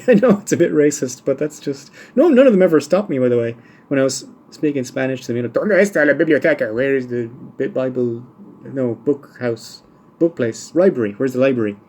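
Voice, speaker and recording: A man's voice: mid-range voice, lively intonation, brisk, warm tone. A man hosting a solo podcast, answering listener questions one by one with dry, wry humour and rambling asides. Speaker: podcast host.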